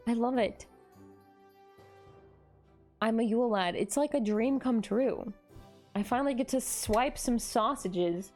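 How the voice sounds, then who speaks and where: A woman streamer chatting casually on a live stream, gushing and excitable, often gasping in delight. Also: on the high side, unhurried, long pauses, soft background music. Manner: gushing and excitable, frequent gasps.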